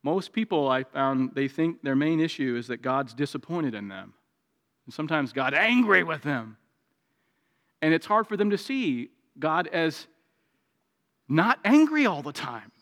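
A man delivering a sermon in a fairly high voice, his words ringing out with long reverb around him. He rises to emphatic, insistent phrases, then drops low and confiding. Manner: preaching with swings from raised intensity to quiet, low confiding tones. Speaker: pastor.

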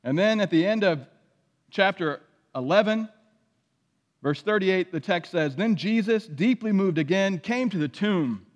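A man's voice: high voice, lively intonation, unhurried, lo-fi sound. A man preaching a sermon as pastor, reading scripture aloud with dramatic emphasis. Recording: long hall reverb.

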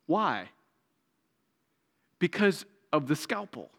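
A man delivering a sermon in a fairly high voice, his words ringing out with long reverb around him. He rises to emphatic, insistent phrases, then drops low and confiding. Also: animated, takes it slowly, long pauses. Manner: preaching with swings from raised intensity to quiet, low confiding tones. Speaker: pastor.

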